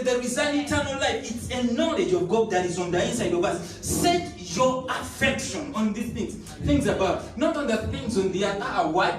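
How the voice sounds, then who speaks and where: A man preaches in a high voice, stressing his points by repeating them and slipping into tongues and sung lines. The sound echoes through the room, he stands away from the microphone, and faint noise sits behind him. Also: recorded from a distance. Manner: emphatic, repeats key phrases, bursts into tongues and sung lines. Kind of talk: sermon.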